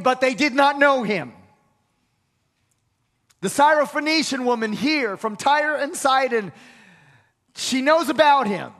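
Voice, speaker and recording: Preaching in a very high-pitched, sharp voice, this male pastor repeats key phrases as his sermon climbs to emphatic peaks. A long hall reverb colors the recording.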